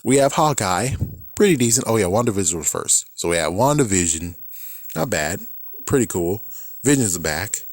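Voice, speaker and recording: With no room sound, a fairly low-pitched man speaks at a moderate pace in a casual movie rant for his commentary vlog. He gets profane and exasperated, animatedly performing what others said.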